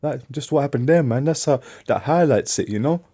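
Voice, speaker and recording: A man's voice: medium pitch, animated, brisk, dark tone, slightly rough, pitched above the performer's own voice. A man putting on the voice of a stern, pushy male work supervisor who repeats himself. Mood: earnest. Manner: threatening, repeats "man" and "understand".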